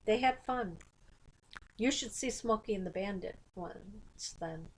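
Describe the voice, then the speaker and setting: A woman chatting about a movie as co-host, unhurried and mildly defensive. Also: medium pitch, husky, low-quality recording. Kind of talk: casual movie review chat.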